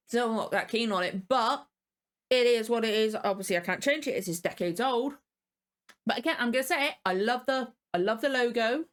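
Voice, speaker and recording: A woman's voice: on the high side, fairly bright tone. A tired woman hosting a reaction video, rambling casually and apologizing often. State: tired and yawning.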